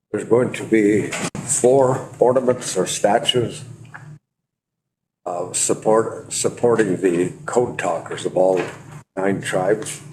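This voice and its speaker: A man on a tribal council explaining an agenda item at a meeting, halting and restarting as he goes. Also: lowish voice, darkish tone, a little hiss or hum, rough recording. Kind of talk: meeting discussion.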